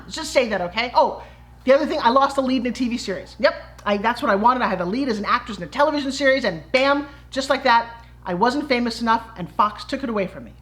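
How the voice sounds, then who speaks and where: A middle-aged woman, a fitness entrepreneur, telling her personal story to camera in a lively way and acting out the quoted voices. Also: mid-range voice. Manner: animated, acts out quoted voices.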